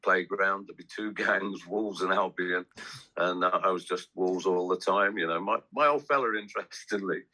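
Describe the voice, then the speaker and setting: A man's voice: low-pitched, normal speed, pushed and bright, poor audio. A man, chatting in a rambling, anecdotal way as a guest. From English West Midlands. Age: 60s. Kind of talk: casual chat.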